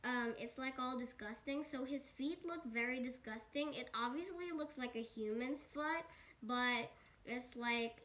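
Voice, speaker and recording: High-pitched child telling a rambling story. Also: female voice, unhurried, sharp tone. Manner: rambling, many restarts and "and then". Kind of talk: improvised kid's story.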